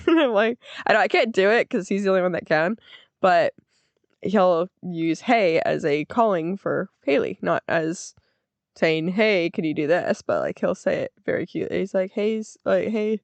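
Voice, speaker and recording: A woman's voice: expressive, measured pace, vocal fry, no room sound. Giggly young American woman telling a story. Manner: giggly, acts out quotes in a higher voice. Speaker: podcast host. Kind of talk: casual storytelling chat.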